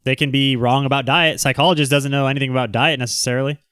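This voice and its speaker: A man's voice: medium pitch, fairly even intonation, fast talker, fairly bright tone, clear, resonant tone, no room sound, studio quality. Brash, teasing man hosting a live chat. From Southern California. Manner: brash, teasing, joking banter. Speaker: livestream host reading chat. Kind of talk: casual livestream chat.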